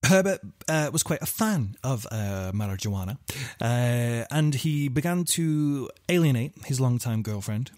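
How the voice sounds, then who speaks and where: A man's voice: medium pitch, expressive, unhurried, few pauses, darkish tone, dry recording, clean studio sound. A man hosting a true-crime podcast, telling the story in a loose, rambling way with lots of fillers and offhand swearing. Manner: rambling, full of fillers and asides, swears casually. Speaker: podcast host.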